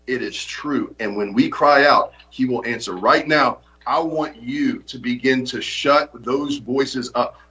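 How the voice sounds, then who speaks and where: Male pastor preaching, earnest, repeats himself for emphasis, average pitch. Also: sharp tone, highs cut off. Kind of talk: sermon.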